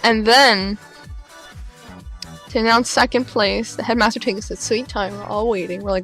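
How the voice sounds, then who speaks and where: A young woman vlogger telling an excited story, acting out the voices of the people she quotes with big jumps in pitch. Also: moderate pace, soft background music.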